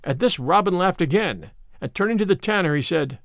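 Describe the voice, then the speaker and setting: A man reads an old storybook aloud with an expressive, lilting delivery. His voice sits a little high and moves up and down a lot. The sound is close and dry. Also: fairly quick, no echo.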